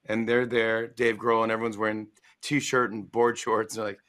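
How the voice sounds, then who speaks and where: A man's voice: fairly low pitch, normal speed. A man in his forties casually telling a funny anecdote, acting out the voices of the people he quotes. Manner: animated storyteller, acts out quoted voices. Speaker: talk show guest, author. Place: promotional livestream interview.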